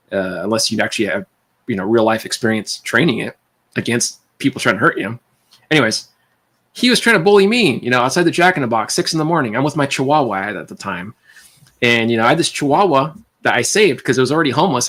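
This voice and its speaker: A man on a livestream casually telling a personal story, rambling and animated, with restarts and tangents. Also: medium pitch.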